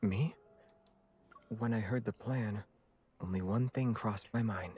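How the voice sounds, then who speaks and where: An actor voicing a calm, devoted young nobleman in a game, speaking quietly with old-fashioned formal phrasing and a soft, airy tone. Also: fairly low pitch, slow pace. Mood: gentle. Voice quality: soft, airy, breathy delivery. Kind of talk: dubbed game dialogue. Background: faint game music.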